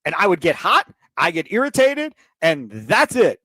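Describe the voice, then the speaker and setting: High, animated sports radio host. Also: male voice, normal speed, husky, no room sound, rough recording. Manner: heated, emphatic ranting. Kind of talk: sports talk radio debate.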